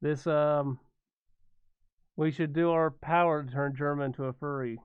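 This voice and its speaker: A man hosting a react video, making relaxed, agreeable remarks in casual chat. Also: on the high side, normal speed, clear, resonant tone, no echo. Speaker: react channel host. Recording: tinny, dry lo-fi sound.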